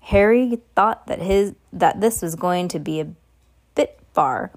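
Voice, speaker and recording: A woman's voice: on the low side, measured pace. A woman reading a novel aloud in an unpolished way, with slips and asides to a listener. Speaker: reader.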